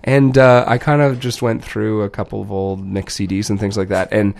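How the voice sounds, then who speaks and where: Nasal, gravelly man with a cold. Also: lowish voice, little pitch movement, normal speed, a little mellow. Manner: loose, rambling, self-correcting. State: has a cold. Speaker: radio DJ. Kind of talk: casual radio chat between songs.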